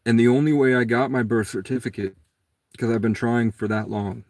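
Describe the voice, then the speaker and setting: A man's voice: medium pitch, steady tone, fairly quick, a little mellow, no echo, studio quality. A man telling a long personal story in a casual, rambling monologue. He acts out the other people's lines in a raised voice.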